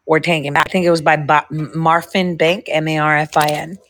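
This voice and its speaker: A woman's voice: low voice, flat delivery, a little fast, a bit bright, a little hiss or hum. A woman hosting a livestream, chatting casually and rambling between stories, swearing freely. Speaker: livestream host. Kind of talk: casual chat with a co-host.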